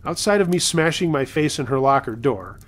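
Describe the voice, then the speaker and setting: A man's voice: mid-range voice, lively intonation, normal speed. A man reading submitted true scary stories aloud in a conversational way, with wry asides.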